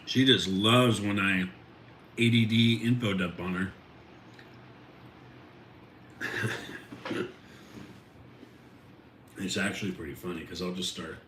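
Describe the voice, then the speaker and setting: Slow-talking rambling man streaming from home. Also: deep voice, a bit bright. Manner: rambling, easygoing, reacts to chat. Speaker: streamer chatting with viewers. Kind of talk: casual live-stream chat. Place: home room with equipment. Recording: roomy, distant mic, faint ambient noise.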